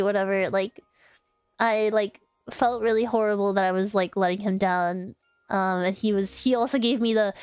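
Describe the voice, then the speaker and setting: A woman's voice: mid-range voice, a little slow, smooth, no room sound, faint music behind. A young woman streamer telling a story in casual chat, rambling with lots of fillers and restarts.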